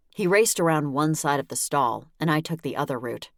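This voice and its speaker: A woman narrating a first-person audiobook in a wry, lively storytelling manner, close on a studio mic. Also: deep voice, moderate pace, no room sound.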